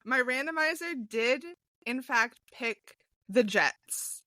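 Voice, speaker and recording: A woman co-hosting a casual sports podcast, speaking in a slow, deliberate way. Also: high voice, expressive, sharp tone. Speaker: podcast co-host.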